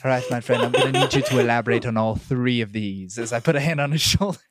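A man's voice: medium pitch, fast talker, a loud crowd. A man playing a tabletop game in a playful, jokey way. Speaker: player.

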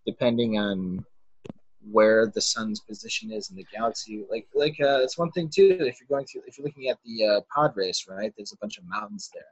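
A man with a husky, lowish voice makes his points emphatically in casual podcast banter. He often restarts his sentences as he thinks. The mic is close and dry. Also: lively intonation, fairly quick, dry recording, muffled recording. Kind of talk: casual group chat.

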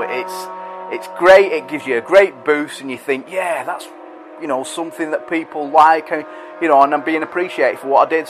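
A middle-aged man talks casually and at length as a podcast host. He rambles and pokes fun at himself. His voice sits a little high, and soft music plays faintly behind him. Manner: chatty, rambling, self-deprecating. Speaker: podcast host reading listener messages. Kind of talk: casual monologue.

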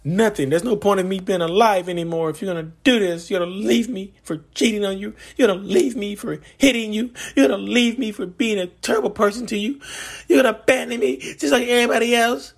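Brief: man doing a clingy, manipulative partner, high strained pleading, loud. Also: brisk, vocal fry. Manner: rising, wailing pleas. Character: pleading manipulative partner, desperate and guilt-tripping.

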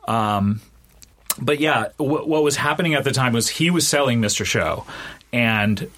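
A middle-aged man, a guest on an interview podcast, telling relaxed stories full of fillers and restarts. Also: unhurried. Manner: relaxed storyteller with many fillers, mimics others in high voices. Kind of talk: casual chat, telling anecdotes.

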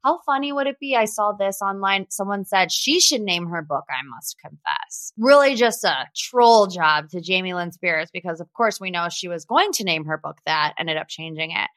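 A woman's voice: lowish voice, lively intonation, moderate pace, hardly any pauses, a bit bright, no echo. A young woman hosting a pop culture podcast, chatty and gossipy with sarcastic asides. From Ohio. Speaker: podcast host. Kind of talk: casual pop culture commentary.

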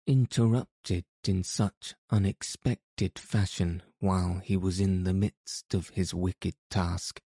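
A man narrating a fairy tale in a slow, even, measured manner. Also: low voice, husky, no room sound, studio quality. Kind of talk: scripted storybook narration.

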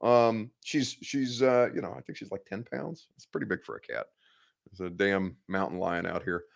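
Young male sports-talk host, blunt and candid, rambling, lowish voice. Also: normal speed, creaky. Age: 20s. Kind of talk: casual live show chat, reading viewer comments. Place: office.

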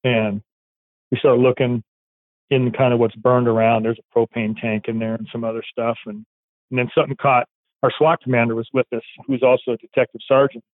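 A police dog handler telling a story in a rambling, casual way, acting out quoted dialogue. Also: male voice, medium pitch, little pitch movement, a little fast, no echo. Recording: tinny phone-like line, dry.

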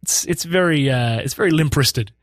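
A man's voice: fairly high pitch, normal speed, no echo, clean studio sound. An Australian man, a band frontman, chatting casually as a guest and joking as he explains slang. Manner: laughing, jokey, self-mocking. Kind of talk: casual chat.

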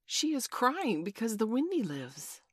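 A woman's voice: fairly high pitch, very animated, a little slow, breathy edge, dry recording, pitched above the performer's own voice, exaggerated voice. An earnest young boy from a storybook, as a woman reads him, speaking up eagerly in a lifted voice. The sound is dry and close, with little room around it.

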